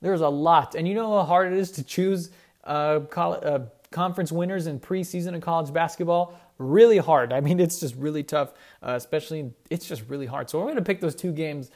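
A man's voice: on the high side, a little mellow. A young man hosting a casual sports show, rambling and correcting himself as he talks enthusiastically about college teams. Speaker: sports podcast host.

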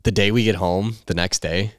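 A man in his twenties, a podcast guest, tells his story in a casual, animated way, swearing freely and saying "like" often. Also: low voice, moderate pace, no echo, clean studio sound. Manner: animated, profane storytelling with lots of "like". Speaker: podcast guest, baseball player.

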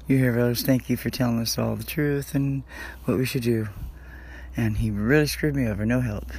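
A man's voice: medium pitch, darkish tone. A man hosting his own podcast, talking in a rambling, scattered, confessional way in a casual monologue. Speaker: podcast host. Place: friend's house in the country.

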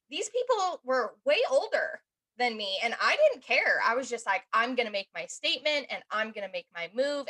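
Bright-voiced woman in her thirties. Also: on the high side. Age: 30s. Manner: animated, acts out quoted voices. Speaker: podcast co-host. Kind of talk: casual conversation.

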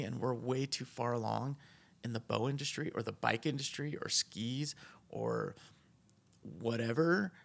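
Gravelly, husky man ranting casually. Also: a bit bright. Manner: rambling, ranting, jumps high in pitch when exasperated. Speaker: podcast host. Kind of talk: casual podcast monologue.

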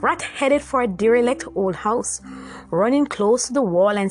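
A woman narrating a folktale in an expressive, lively storytelling manner. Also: medium pitch, normal speed, over music.

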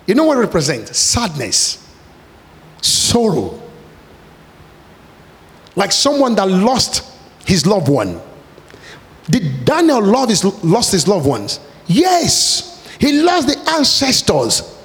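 A male preacher delivering an impassioned sermon, his voice sitting high and ranging widely. He speaks slowly and often climbs into shouted pleas. The long reverb of a large hall trails after his words. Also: huge pitch swings.

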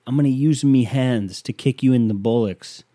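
A man's voice: medium pitch, normal speed, dark tone, close to an everyday voice. A man putting on a mock Irish accent to play a boastful, threatening male fighter. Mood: mocking threat. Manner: blustering, mocking.

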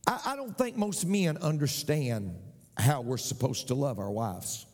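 Male pastor, slow and animated sermon delivery, big echoing hall. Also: mid-range voice, breathy edge. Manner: preaching with call-and-response "Amen?" and repeated phrases.

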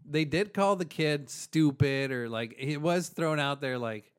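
A man's voice: fairly high pitch, unhurried, clean tone. A man co-hosting a podcast in casual chat, talking in a laid-back, slangy way.

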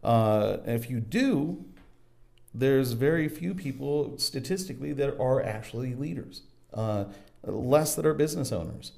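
A man's voice: medium pitch, expressive, measured pace, gravelly, darkish tone. A man hosting a casual interview podcast, speaking earnestly and agreeing with his guest. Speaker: podcast host.

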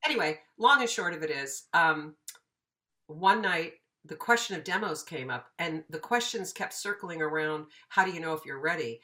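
Woman, fifties, voiceover teacher, bright tone, slightly low pitch, animated storytelling, plays out quoted voices. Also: moderate pace. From United States. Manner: animated, acts out quoted dialogue. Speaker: voiceover teacher, interview guest. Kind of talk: casual storytelling interview.

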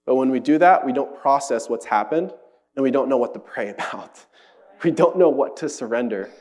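A man's voice: medium pitch, lively intonation, normal speed, a little mellow. A young man giving a casual, earnest sermon, acting out the voices of the people he quotes. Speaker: preacher.

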